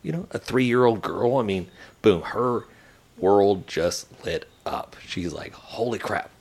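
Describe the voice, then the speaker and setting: Animated storytelling man, lowish voice. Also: slow. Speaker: podcast co-host. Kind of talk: casual storytelling chat.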